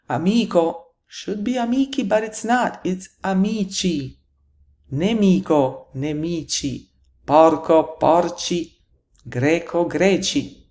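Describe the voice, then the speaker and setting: A woman's voice: low-pitched, a little mellow. A woman teaching a grammar lesson, patiently explaining rules and answering her own questions. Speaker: Italian teacher.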